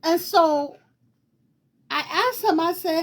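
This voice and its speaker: Animated woman telling a story, high voice. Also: measured pace. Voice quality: distinctive voice. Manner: animated, repetitive retelling with quoted dialogue and laughter. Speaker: talk show host. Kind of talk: casual storytelling to viewers.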